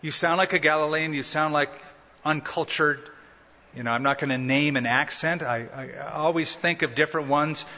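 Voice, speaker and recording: A man with a bright, slightly high voice preaches a sermon, explaining things conversationally and tossing in rhetorical questions and humorous asides. The recording is muffled and lo-fi, with a long reverb trailing through a large church sanctuary. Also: moderate pace. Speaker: pastor. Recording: dull lo-fi sound with long hall reverb.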